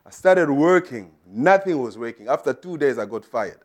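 A man's voice: mid-range voice, expressive, normal speed. Man, preacher, sermon, emphatic, middle-aged. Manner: emphatic, rising to loud declarations.

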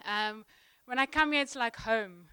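A young woman giving a sermon in a church, chatty and halting, full of ums and restarts. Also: a little high, bright, forceful tone, smooth, dry recording. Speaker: guest preacher. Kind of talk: sermon opening, casual warm address.

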